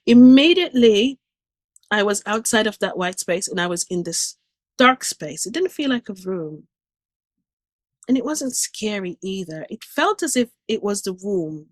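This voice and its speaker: A woman's voice: medium pitch, expressive, measured pace, no room sound. Earnest woman telling a spiritual story. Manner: earnest and emotional, vivid retelling with restarts. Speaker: guest speaker sharing a near-death experience. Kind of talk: personal testimony storytelling.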